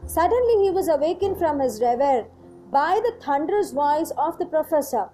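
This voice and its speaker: Brief: female storyteller, measured reading, soft music underneath. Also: high-pitched, expressive. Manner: measured, with brief asides explaining phrases. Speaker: narrator.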